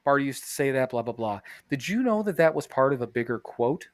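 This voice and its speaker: A man's voice: medium pitch, very animated, a little fast, no room sound, studio quality. A man co-hosting a podcast in casual chat, rambling, swearing a lot and laughing often, talking from a bathroom. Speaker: podcast co-host.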